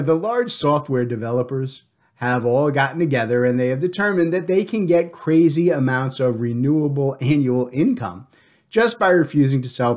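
A middle-aged man hosting a podcast in casual chat, loud and joking with his co-host. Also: mid-range voice.

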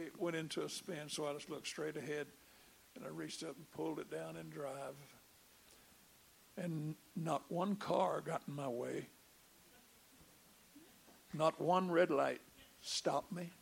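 Gravelly older preacher man. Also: a little high, a little hiss or hum. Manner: storytelling with repeated stammers. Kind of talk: sermon testimony.

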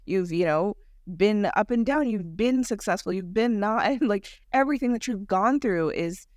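Animated woman podcast guest. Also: mid-range voice, normal speed, no echo, clean studio sound. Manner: animated, acts out quotes in bigger voices. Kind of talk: casual podcast chat.

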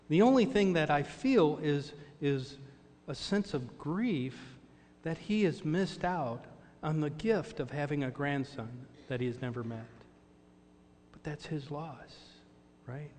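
A man's voice: on the high side, a little mellow. Earnest male pastor in reverberant church. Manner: earnest, storytelling, call-and-response asides. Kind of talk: sermon with personal stories. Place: church sanctuary.

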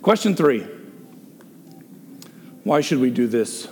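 A middle-aged man, a pastor leading a group discussion, preaching in an animated, joking way. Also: mid-range voice, takes it slowly, big-room sound, a little hiss or hum. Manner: excitable, exclaims and jokes, reads listener comments aloud.

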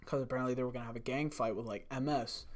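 A man's voice: mid-range voice, steady tone, rapid-fire, a crowd in the background. A young man rambling through a profane workplace story in casual chat, full of "like". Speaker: storyteller, former restaurant worker.

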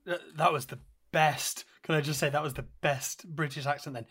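A man's voice: a little high, steady tone, brisk, a bit bright, slightly rough. A man co-hosting a casual podcast, playful and joking, often laughing. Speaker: podcast co-host.

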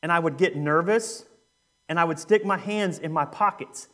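High-voiced young man preaching casually. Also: moderate pace, a bit bright. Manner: conversational, joking, with frequent fillers. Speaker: youth minister. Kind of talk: sermon with a humorous story.

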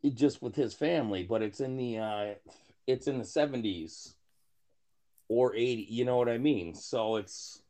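A man's voice: medium pitch, normal speed, mellow. A man chatting casually on a podcast, telling self-mocking jokes in a rambling, profane way full of restarts. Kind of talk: casual chat.

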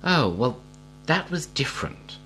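A man doing an eager, soft-hearted young boy. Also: medium pitch, very animated, a little slow, a little hiss or hum, voice pushed up, low-quality recording. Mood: tearful.

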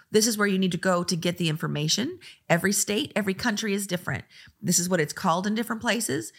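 A woman who teaches a design course, talking casually about what her lessons cover, with lively acted asides. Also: mid-range voice. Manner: chatty, restarts often, lively acted asides. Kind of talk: casual talk to camera.

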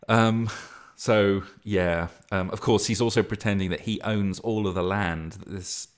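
A man's voice: on the low side, steady tone, a little slow, clean tone. A man hosting his own podcast, talking casually and at length as a game master, rambling and poking fun at himself. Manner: rambling, self-deprecating, chuckling. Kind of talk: casual solo podcast talk.

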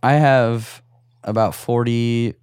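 A man's voice: mid-range voice, steady tone, slow pace, darkish tone, a little hiss or hum. A young man co-hosting a podcast in casual chat, joking and laughing often. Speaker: podcast co-host.

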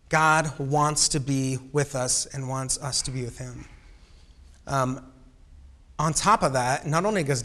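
A young male preacher talks casually through a sermon, laughing often and slipping in self-deprecating jokes to the room. His delivery stops and restarts, with mid-range pitch. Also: a bit bright. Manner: halting restarts. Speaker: youth pastor.

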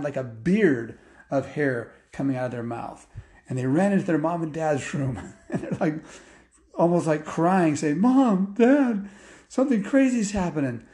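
A man's voice: on the high side, a little mellow. A man telling an improvised bedtime story, rambling with asides and fillers.

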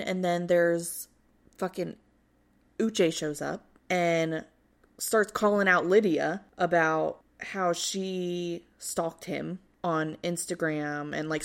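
A woman co-hosting a podcast, casually recapping a reality show, animated and swearing freely as she acts out what people said. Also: fairly low pitch. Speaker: podcast co-host.

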